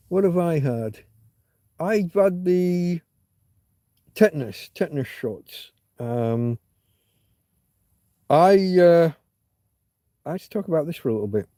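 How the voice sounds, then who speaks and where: A man hosts a casual livestream chat, spinning a long story with many restarts and fillers, candid and occasionally swearing. His voice sits on the high side with a warm tone, and there's no echo.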